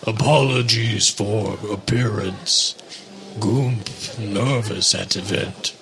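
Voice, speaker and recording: A man voicing a huge, nervous twelve-year-old boy who speaks in slow, simple, broken phrases. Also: on the low side, gravelly, a crowd in the background, pitched below the performer's own voice. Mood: shy.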